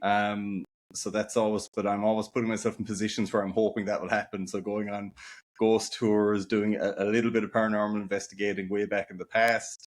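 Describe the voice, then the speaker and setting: A man's voice: fairly low pitch, level tone, brisk. A man in his forties with an Irish accent, a guest author chatting casually and rambling with fillers in a podcast interview. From Ireland.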